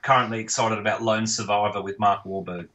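A man's voice: on the low side, steady tone, a little fast, pushed and bright, highs cut off. An Australian man, a film reviewer guest, chatting casually on a podcast with a joking manner and many fillers.

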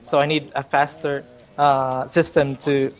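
A man's voice: medium pitch, little pitch movement, unhurried. Hesitant, friendly podcast guest man. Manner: hesitant, many restarts and uh, friendly. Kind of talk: casual chat.

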